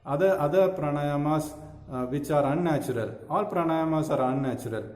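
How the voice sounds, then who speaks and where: A male yoga teacher explains breathing in a mellow, unhurried voice. He repeats phrases and pauses with fillers as he guides the class. The sound rings in a roomy space with a long echo. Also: fairly high pitch. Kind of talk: instructional talk on breathing. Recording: echoey room with long reverb.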